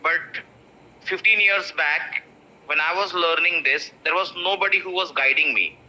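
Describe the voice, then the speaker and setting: A man in his thirties with an Indian English accent, teaching pronunciation in an online class and repeating each word slowly. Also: on the high side, pushed and bright. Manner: repeats words slowly for drills, mixes in Hindi. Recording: dull lo-fi online-class audio.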